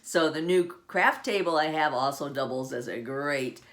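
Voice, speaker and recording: A woman's voice: low-pitched, moderate pace, fairly bright tone. A middle-aged woman hosting her own podcast, chatting on her own and laughing often as she acts out everyday sayings. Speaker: podcast host. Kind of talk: casual solo podcast musing.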